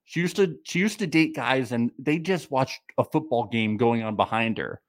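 A man co-hosting a podcast in casual chat, animated, exasperated and profane. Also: mid-range voice, normal speed, no room sound, clean studio sound. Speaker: podcast co-host.

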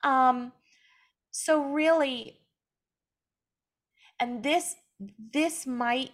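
A young woman with a fairly high voice talks earnestly in a relaxed conversation about faith. She speaks openly and personally, and she livens up when she acts out other people's words. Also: very slow. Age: young adult. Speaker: guest, mother sharing her story.

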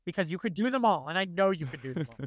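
A man in his forties co-hosting a podcast in casual chat, animated and quick to quote cartoon lines in funny voices. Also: sits high, no room sound. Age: 40s. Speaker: podcast co-host.

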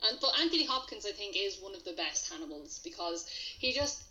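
A woman's voice: medium pitch, big pitch swings, fairly quick, sharp tone. A woman co-hosting a podcast, chatting enthusiastically about favourite actors. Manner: enthusiastic and conversational. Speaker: podcast co-host. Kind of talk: casual film discussion. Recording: dull lo-fi microphone.

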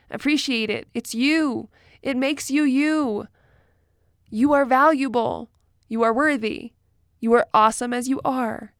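Female solo podcast host, encouraging and playful, a little high-pitched, recorded dry. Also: dry recording. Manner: warm encouraging, laughs often, playful asides. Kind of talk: solo self-help podcast pep talk.

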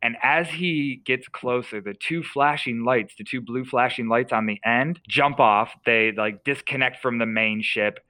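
A man's voice: mid-range voice, measured pace, few pauses, pushed and bright, dry recording, rough recording. A young man, a podcast co-host, casually retelling a story with lots of fillers and restarts.

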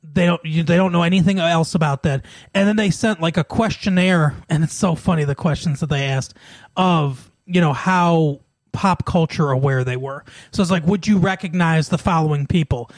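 A man's voice: a little high, moderate pace, no echo. A man co-hosting a podcast in casual chat, talking at length and often laughing as he retells scenes. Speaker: podcast co-host.

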